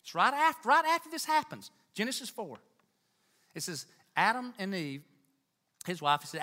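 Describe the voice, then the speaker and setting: A man preaching a sermon in church, talking to the congregation with emphatic, animated delivery and Southern turns of phrase. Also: sits high, moderate pace, pauses often. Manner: animated, emphatic, rising to near-shouts.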